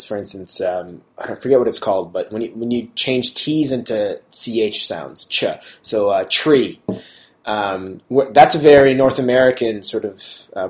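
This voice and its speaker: Low-voiced man asking questions. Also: a little mellow. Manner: inquisitive, many fillers and restarts. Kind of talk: casual conversation.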